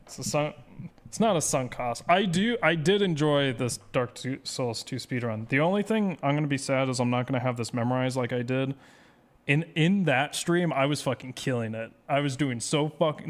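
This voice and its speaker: A man's voice: medium pitch, animated, a little fast. A man speedrun streamer chatting casually with his viewers, rambling and self-deprecating as he reads chat aloud.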